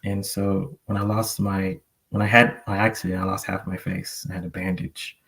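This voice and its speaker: A man's voice: deep voice, level tone, normal speed, a bit bright. A man sharing a personal story earnestly on a panel, rambling with many fillers. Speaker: panel guest.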